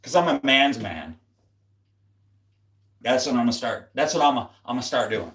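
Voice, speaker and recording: A man's voice: mid-range voice, animated, moderate pace, fairly bright tone. A man hosting a casual livestream, seated and chatting in a laid-back, rambling way, chuckling often between thoughts. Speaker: livestream host and guitarist. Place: home streaming setup, seated.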